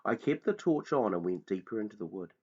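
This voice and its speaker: A man reading a children's book aloud in a slow, hushed, dramatic storytelling manner. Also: on the low side, expressive, slightly rough. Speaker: reader. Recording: dull lo-fi recording.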